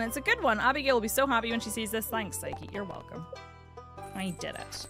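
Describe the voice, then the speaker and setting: A woman's voice: a little high, lively intonation, fairly quick, sharp tone, faint music behind. A young British woman chatting casually and giggling as she streams a farming game. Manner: giggly, chatty, self-mocking. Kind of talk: casual game livestream chat.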